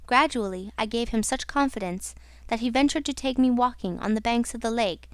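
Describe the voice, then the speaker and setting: A woman narrating an audiobook in a slow, dramatic reading style. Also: a little high, clear, resonant tone, no echo, lightly acted. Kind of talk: scripted narration.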